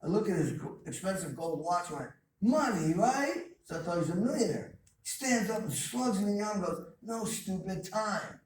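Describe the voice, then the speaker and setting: A man's voice: high-pitched, a little fast, few pauses. A man giving an emphatic motivational talk full of stories and repeated phrases, as a guest speaker at a college. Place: college lecture hall. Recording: distant, echoey hall with faint noise.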